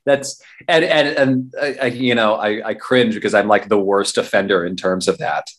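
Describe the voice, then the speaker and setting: A low-voiced man talks as an interview guest in a loose, rambling way. He circles back and restarts his thoughts often. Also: normal speed, slight background noise. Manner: rambling, many restarts and fillers. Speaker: guest, radio journalist and fair performer. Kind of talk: casual interview talk.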